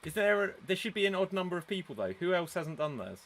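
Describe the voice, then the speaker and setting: Improv host guy on a video call, chatty, laughs a lot, slightly high voice. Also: sing-song, fairly bright tone. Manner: brisk, chatty, laughs often. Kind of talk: live-streamed improv show hosting.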